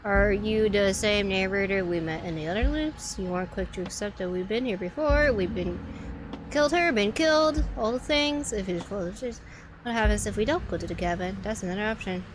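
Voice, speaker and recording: A woman's voice: mid-range voice, a little fast, background noise. A woman streamer giving casual gaming commentary, playful and sassy, swearing freely. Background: game music.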